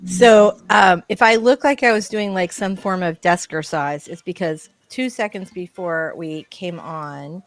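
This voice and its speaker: A woman's voice: lowish voice, unhurried, hardly any pauses, no room sound. A woman co-hosting a casual writing livestream, bubbly and chatty with lots of enthusiasm.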